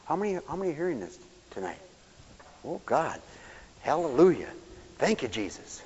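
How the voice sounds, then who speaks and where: A male preacher giving a sermon for radio, animated and swinging from loud exclamations to hushed tones. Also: lowish voice, normal speed, pauses often. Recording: dull, echoey church recording.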